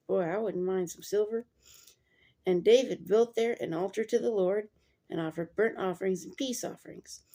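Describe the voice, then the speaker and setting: A woman's voice: medium pitch, moderate pace, dark tone. A woman reading a Bible passage aloud and breaking off into chatty, digressive commentary full of fillers.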